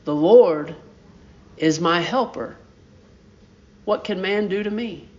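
Pastor, male, higher-pitched voice, unhurried sermon delivery with emphatic peaks, muffled lo-fi recording. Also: darkish tone. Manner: deliberate preaching with rising emphatic peaks.

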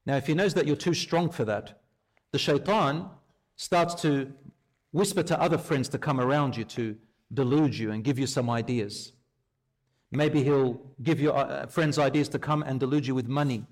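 A man preaching a sermon, telling a story and acting out its dialogue in lively, conversational speech. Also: mid-range voice, normal speed.

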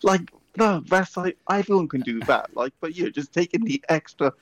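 A man's voice: high voice, animated, moderate pace, dry recording. A man in a casual chat, musing and explaining a point.

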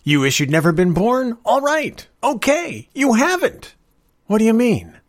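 Storybook figure: man voicing a stout, easygoing older stranger, higher and louder than the narrator, husky. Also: wildly swooping pitch, normal speed, no room sound, clean studio sound. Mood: delighted. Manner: easy, gently persuasive, gleeful bursts. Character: stout kindly older male stranger, quietly knowing.

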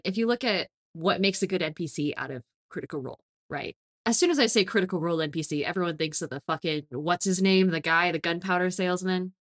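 A woman's voice: fairly low pitch, fairly bright tone, dry recording, studio quality. A woman co-hosting a casual podcast about tabletop games, talking with energy and laughing often. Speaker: podcast co-host.

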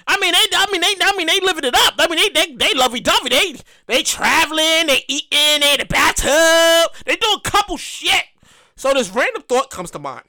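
A man's voice: very high-pitched, normal speed, dry recording. A young man hosting a show, delivering a rambling, profane, comedic rant. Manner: rambling, repetitive, profane, excitable. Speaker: podcast host.

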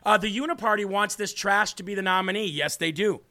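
A man's voice: high voice, fairly quick, pushed and bright. A man hosting a political livestream, talking in a brash, mocking way and reading out viewer comments. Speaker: livestream show host.

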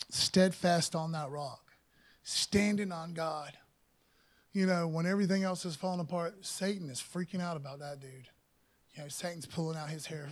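A man preaching a casual sermon as pastor, dropping "man" and "you know" asides and lifting his voice when he reads scripture. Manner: reads scripture louder and higher.

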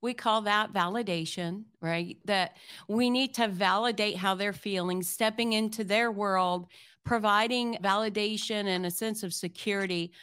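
Empathetic female interviewer, smooth and dry. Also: mid-range voice, steady tone, moderate pace, dry recording. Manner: warm, empathetic and explanatory. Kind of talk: interview host.

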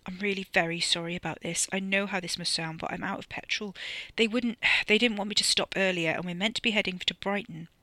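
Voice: mid-range voice, fairly even intonation, brisk, sharp tone, dry recording. The author reading a novella aloud, voicing a nervous, apologetic young male chauffeur who sounds close to tears. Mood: flustered.

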